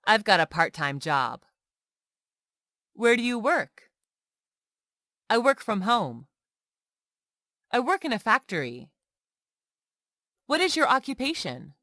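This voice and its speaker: A woman reading everyday English example sentences one by one for learners, slow and clear. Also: fairly high pitch, dry recording, studio quality. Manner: slow, clear, lively intonation on questions. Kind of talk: slow scripted reading of phrases.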